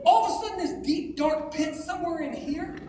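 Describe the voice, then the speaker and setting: A man telling a comic story to a live audience as a youth event speaker, loud and animated, acting out laughs and voices. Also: extremely high pitch, fairly quick, background noise. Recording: echoey hall, distant mic, loud crowd.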